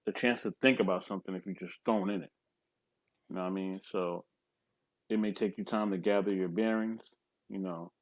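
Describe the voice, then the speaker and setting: A man's voice: lowish voice, no echo. A man on a casual panel giving a rambling answer full of restarts and fillers.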